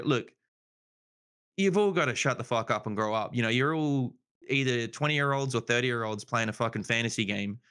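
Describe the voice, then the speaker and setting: A man's voice: mid-range voice, pushed and bright, clean tone. A man rambling in casual podcast chat, swearing freely and saying "you know" a lot. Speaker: podcast guest.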